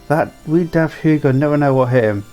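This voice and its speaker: Brief: man voicing a spirited young woman, brash and excitable, faint music behind. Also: fairly high pitch, a little fast, lightly acted.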